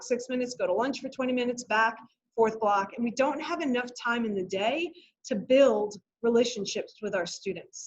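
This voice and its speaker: A middle-aged woman teacher who is also a parent talks to families in a clear, earnest way and lays out how a new program will work. Her voice sits a little high. The audio is muffled and lo-fi. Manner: earnest, explanatory, animated when retelling a story. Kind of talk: presentation to parents. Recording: dull lo-fi audio.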